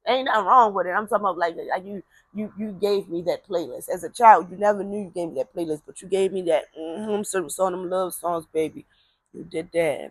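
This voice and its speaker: A woman telling a personal story in a casual, animated way, acting out the voices of the people she quotes. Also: on the low side, a little fast, dry recording.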